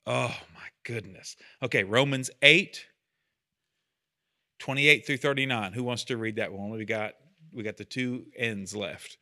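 A man's voice: medium pitch, a little slow, bright, forceful tone. A man leading a Bible study group, teaching casually and with enthusiasm, often asking the group questions.

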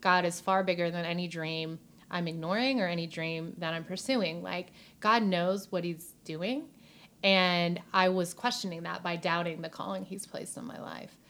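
Woman, heartfelt guest on a faith podcast, slightly low voice, casual and tearful. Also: moderate pace, fairly bright tone. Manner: earnest, heartfelt, many "like" fillers. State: emotional, near tears. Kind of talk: faith-based casual chat.

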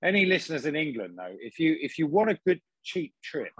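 A man on a chat podcast with a raspy edge and a sing-song rise and fall in his voice. He slips in deadpan jokes, and the sound is dry and close. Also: on the high side, a little fast, no echo. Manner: joking, deadpan tongue-in-cheek asides. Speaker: podcast co-host.

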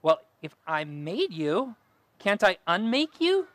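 A man's voice: high voice, wildly swooping pitch, takes it slowly, fairly bright tone, no room sound, heavily acted. A man voicing Barbara, a young female cat, in a plaintive, questioning manner while reading a children's story aloud. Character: young female cat, upset then resolute.

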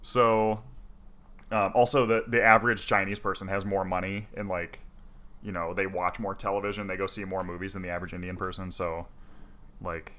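A man's voice: deep voice, little pitch movement, a little fast, sharp tone. A man explaining news in casual podcast chat, laid-back, with lots of fillers and swearing.

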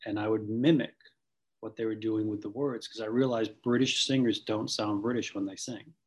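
A man's voice: fairly low pitch, fairly even intonation, normal speed, poor audio. A man from the Boston area, an acting coach, talking thoughtfully in an interview with many restarts. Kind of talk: conversational interview.

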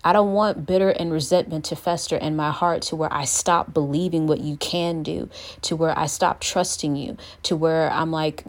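Young woman, low voice, earnest faith talk, acts out little voices now and then. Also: moderate pace. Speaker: Christian speaker. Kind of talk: devotional talk to camera.

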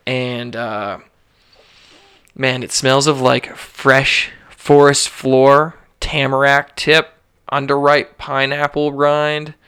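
A man's voice: medium pitch, flat delivery, slow, bright, forceful tone, clean tone. A man hosting a casual podcast, talking in a laid-back, slangy way with lots of "like". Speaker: podcast host.

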